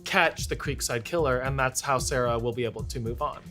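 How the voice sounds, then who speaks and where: A woman's voice: extremely low pitch, a little fast, fairly bright tone, faint music behind. A woman from Florida, a comedy show regular, reading fan fiction aloud and riffing in a giggly, rambling way. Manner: giggly, rambling improvised riffs. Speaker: comedy show cast member.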